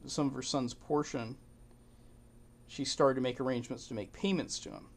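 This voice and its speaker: This is a man reading through old documents and commenting as he goes. He thinks aloud, restarts his sentences often and breaks into small chuckles. His voice sits at an ordinary mid pitch for a man. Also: moderate pace. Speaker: channel host.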